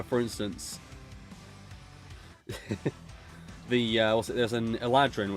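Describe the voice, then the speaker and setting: A man from Gloucester, streaming and chatting in a sweary, rambling way. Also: fairly low pitch. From England, Gloucester. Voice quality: sweary, rambling, laughs often. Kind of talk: casual chat while drawing.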